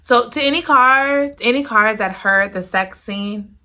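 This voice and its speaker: A woman recapping a book in casual chat, gushing and giggly, repeating her excited exclamations. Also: a little high, measured pace. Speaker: book reviewer.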